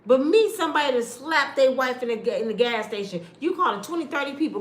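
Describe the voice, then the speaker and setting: Woman vlogger preaching at her viewers, high voice that swings all over, echoey room. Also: expressive, fairly quick, few pauses. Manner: emphatic, sermon-like, repeats phrases. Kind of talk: preachy casual commentary.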